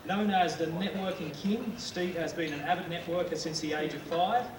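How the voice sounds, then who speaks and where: A man's voice: on the high side, steady tone, normal speed. A man acting as MC, reading a prepared introduction of the next speaker. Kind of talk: formal introduction. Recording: echoey hall, far from mic, noisy.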